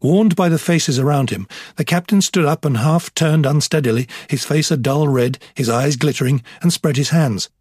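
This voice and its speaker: Husky male narrator for a novel; steady, measured reading. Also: on the high side, dry recording, studio quality. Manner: measured, even storytelling. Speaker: audiobook narrator. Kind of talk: scripted narration.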